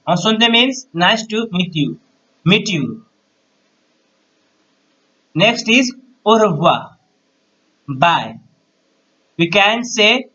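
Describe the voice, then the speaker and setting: A man teaching a recorded French lesson, repeating each phrase slowly to model pronunciation. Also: high voice, sing-song, sharp tone, highs cut off. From India.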